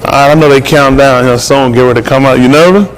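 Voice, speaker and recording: A man's voice: medium pitch, fairly even intonation, fast talker. An older man filming at a wedding with a handheld phone, teasing the guests and chatting with them in playful, casual banter. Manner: playful, teasing, Southern Black vernacular speech. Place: wedding venue, indoors among guests.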